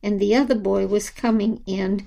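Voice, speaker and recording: A woman's voice: medium pitch, fairly even intonation, moderate pace, gravelly, warm tone, close to an everyday voice. A woman voicing a small, anxious girl angel who stammers and wails her apologies, in a storybook reading. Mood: tearful.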